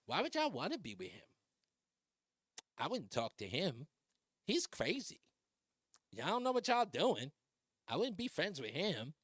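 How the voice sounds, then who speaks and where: A man's voice: a little high, huge pitch swings, measured pace, pauses often, a bit bright, breathy edge, dry recording, studio quality, full character voice. A man playing a dismissive male cable news pundit, with a sassy, drawling delivery. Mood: scoffing.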